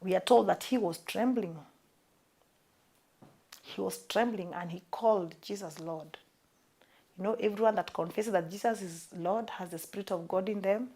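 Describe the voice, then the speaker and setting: A woman's voice: medium pitch, normal speed, pauses often, dark tone, husky. A woman with a Kenyan accent preaching a sermon, emphatic and repeating her key phrases for weight.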